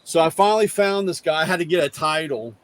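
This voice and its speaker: A man's voice: on the high side, fast. A middle-aged man hosting a casual talk, rambling through a garage story and acting out both sides of the conversation. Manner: rambling, animated retelling with quoted dialogue. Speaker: host.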